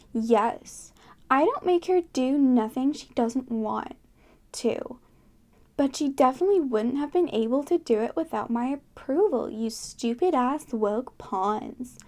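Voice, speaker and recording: A woman putting on a Valley Girl voice, reading aloud in a slow, mocking drawl. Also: high-pitched, mellow. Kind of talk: comedic read-out.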